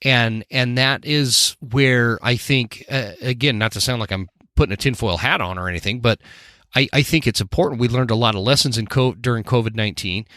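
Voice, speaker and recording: A man's voice: medium pitch, brisk, sharp tone, dry recording, clean studio sound. A man hosting a podcast, talking earnestly and often restarting his sentences. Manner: earnest, with frequent restarts and fillers. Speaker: podcast host. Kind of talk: casual podcast conversation.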